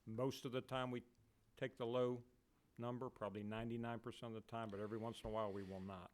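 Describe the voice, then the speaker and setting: A man's voice: medium pitch, little pitch movement, fast. A man testifying as a state official at a committee hearing, explaining procedures plainly with frequent fillers.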